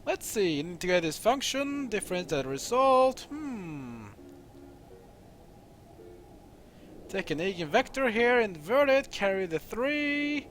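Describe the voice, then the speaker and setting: A man voicing an excitable older male scientist, reading game dialogue aloud and calculating out loud. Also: high-pitched, measured pace, hardly any pauses, slight background noise, heavily acted. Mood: musing.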